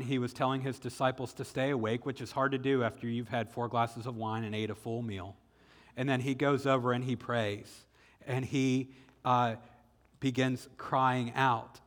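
A man with a Southern US accent preaching a sermon, retelling the story dramatically and slowing down for emphasis. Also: mid-range voice, fairly bright tone. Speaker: pastor. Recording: echoey hall with long reverb.

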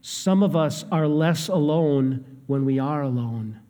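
Slow-preaching man in a reverberant hall. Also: a little high, lively intonation. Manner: dramatic swings between hushed and raised delivery. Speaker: pastor. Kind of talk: sermon.

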